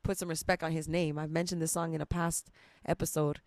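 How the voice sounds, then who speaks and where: A woman's voice: low voice, level tone, brisk, darkish tone, no echo. A young woman hosting a podcast, telling a rambling personal story with lots of laughs and casual swearing. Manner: chatty and emotional, laughs often, swears casually. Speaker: podcast host.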